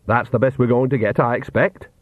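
A man's voice: medium pitch, fairly even intonation, dry recording, lightly acted. A man voicing a cheerful, shrewd old countrywoman witch with a folksy rustic way of talking. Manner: rustic folksy dialect, brisk and bossy. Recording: tinny phone-like dry sound.

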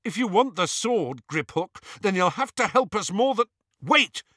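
A man lifts his voice into a teenage boy wizard, raised and pressing, every line urgent. He sounds bright and tense, caught mid-peril in a read-aloud story. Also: sits high, lively intonation, unhurried, no room sound, studio quality, pitched above the performer's own voice, heavily acted. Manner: urgent, breathless pleading.

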